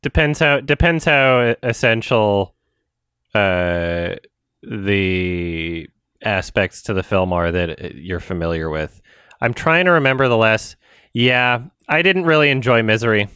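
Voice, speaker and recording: A man's voice: fairly low pitch, measured pace, sharp tone, clear, resonant tone, dry recording, studio quality. A man co-hosting a podcast in casual chat, crude and joking, with frequent swearing. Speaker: podcast co-host.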